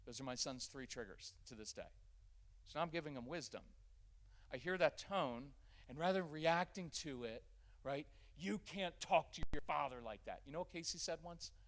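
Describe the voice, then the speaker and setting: A middle-aged man giving a live workshop talk in a church, energetic and conversational. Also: fairly high pitch. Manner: energetic and conversational, acting out quick family scenes. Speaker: parenting workshop speaker. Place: church gathering with a live audience.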